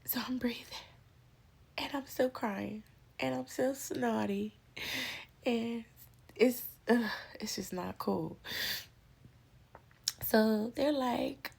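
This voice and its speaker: A woman casually telling a personal story, animated and slangy, often dropping into breathy whispers. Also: on the high side, slow pace, pauses often.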